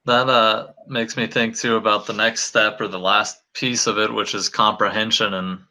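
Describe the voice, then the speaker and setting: A man co-hosting a casual online talk, speaking in a hesitant, measured way. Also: lowish voice, little pitch movement, pushed and bright.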